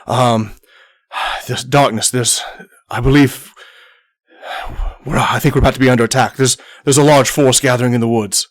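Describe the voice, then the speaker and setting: A man's voice: medium pitch, fairly even intonation, normal speed, long pauses, no room sound, studio quality, lightly acted. A man voicing a male goliath scout who hurries in to report an enemy force gathering. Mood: urgent. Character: urgent male goliath scout bringing warning.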